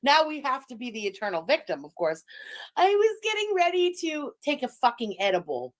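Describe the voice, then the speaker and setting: A woman with a high voice, French her first language, hosting a live commentary stream. She talks in a casual, profane and openly mocking way, scoffing at what she reacts to. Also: wildly swooping pitch, brisk.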